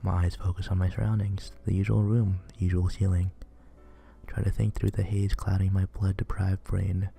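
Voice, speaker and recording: A man reading a visual novel aloud in a casual, deadpan manner, stumbling a little over the words. His voice is low, gravelly and very dark, with a fairly flat delivery. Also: normal speed, soft background music. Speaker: game reader.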